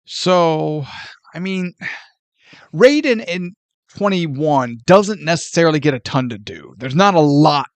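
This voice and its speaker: A man's voice: a little high, lively intonation, unhurried, dry recording. A man co-hosting a movie podcast in casual chat, opinionated and easily exasperated as he steers the topics. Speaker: podcast co-host.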